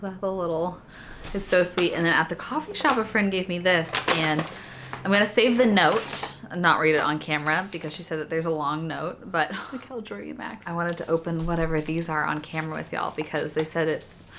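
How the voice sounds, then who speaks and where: A woman in her thirties vlogging from a hotel room, chatty and openly emotional, talking to a camera sitting on her bed. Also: slight background noise. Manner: chatty and openly emotional, voice swinging high when excited. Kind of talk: casual vlog chat.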